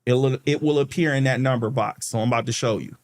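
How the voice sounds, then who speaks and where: A man with a medium-pitched voice talks fast as he hosts a stock market channel. Sharing his screen, he chats his way through the charts in a tutorial walkthrough, frequently checking in with "okay" and addressing viewers as "guys".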